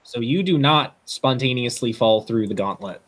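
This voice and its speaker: A man's voice: medium pitch, normal speed. A man running a tabletop role-playing game as game master, loose and swearing, bending the rules for his players.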